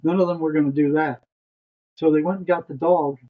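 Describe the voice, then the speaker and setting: A man's voice: fairly high pitch, steady tone, fairly quick, narrow, tinny audio. An older retired psychotherapist, a man, telling a long story as a podcast guest, rambling and restarting his words.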